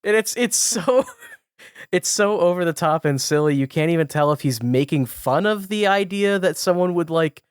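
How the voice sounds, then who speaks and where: A man's voice: fairly high pitch, normal speed, clean tone, no echo, studio quality. A man co-hosting a podcast, chatting casually, rambling with lots of "like" and laughing between thoughts. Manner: rambling, heavy "like" fillers, giggly. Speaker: podcast co-host. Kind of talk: casual chat.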